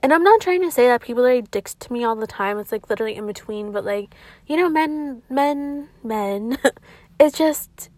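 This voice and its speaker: A woman's voice: fairly high pitch, lively intonation, moderate pace, a little mellow. A young woman vlogging, rambling through a confessional story with plenty of swearing and "like". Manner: rambling, profane, heavy use of "like".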